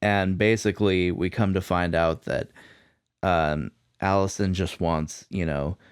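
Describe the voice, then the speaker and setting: A man co-hosting a podcast, calmly explaining a film's plot in casual chat. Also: sits low, a little slow, smooth, dry recording, studio quality. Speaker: podcast co-host. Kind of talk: casual movie recap chat.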